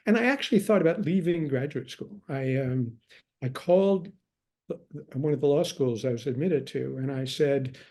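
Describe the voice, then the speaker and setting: A man's voice: mid-range voice, brisk. An older man, a scholar being interviewed, telling long wry stories about his past and acting out what others said. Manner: wry anecdotal storyteller, quotes others in lively tones. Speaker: guest scholar. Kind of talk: relaxed storytelling in conversation.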